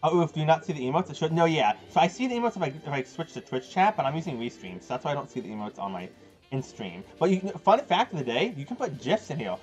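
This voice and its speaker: A young man rambles excitably to his stream chat, his voice slightly high and swinging widely in pitch. He laughs often and talks straight to viewers. The audio is dull and lo-fi, with game music playing faintly underneath. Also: fast talker. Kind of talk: casual live-stream chat.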